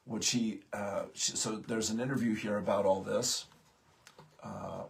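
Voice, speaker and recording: A man hosting a morning spiritual talk, speaking haltingly with many pauses and fillers, just out of bed. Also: fairly low pitch, steady tone, gravelly. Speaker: host of a morning spiritual program.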